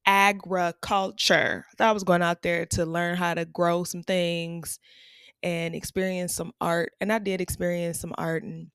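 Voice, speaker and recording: A woman's voice: lowish voice, little pitch movement, clear, resonant tone, dry recording, clean studio sound. A woman in her thirties, a teacher, hosting a podcast and telling stories in a chatty, laughing way. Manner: chatty, laughing often, drawn-out repeats. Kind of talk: casual storytelling monologue.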